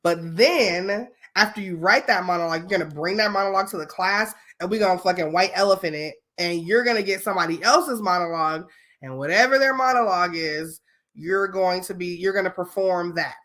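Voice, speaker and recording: A woman hosting a podcast, telling a story in a casual, animated way, swearing freely and often checking in with her listeners. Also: lowish voice, a little fast. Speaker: podcast host.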